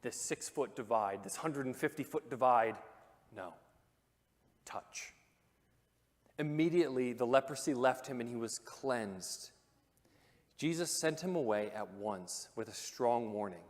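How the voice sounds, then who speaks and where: A man of ordinary pitch delivers a sermon in a church auditorium, his voice trailing a long hall reverb. He keeps it conversational and animated, tossing in jokes, then drops low and hushed for weight. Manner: conversational and animated, with joking asides and dramatic hushed pauses. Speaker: preacher.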